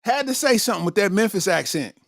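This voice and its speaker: A male comedian hosting a podcast, riffing in an animated, slangy monologue and laughing often. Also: high-pitched, fast, vocal fry, dry recording, clean studio sound.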